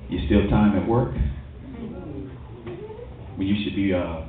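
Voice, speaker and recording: A man pastor preaching a sermon in a church, lively and calling for responses. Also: deep voice, takes it slowly, long pauses, a little hiss or hum. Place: church hall. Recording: tinny, distant, very echoey church recording.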